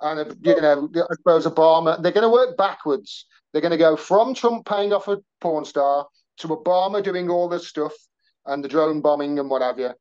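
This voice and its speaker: A man's voice: a little high, normal speed, a little mellow, clean tone. West Midlands man on dull call audio. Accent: West Midlands English. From Wolverhampton, England. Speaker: podcast guest. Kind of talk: casual video-call chat.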